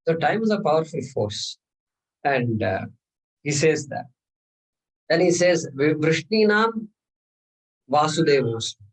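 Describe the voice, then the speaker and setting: A man's voice: fairly high pitch, big pitch swings, a little slow, long pauses, recorded from a distance, poor audio. A man teaching a scripture class, talking through verses with rhetorical questions and chanted Sanskrit. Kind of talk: lecture on scripture.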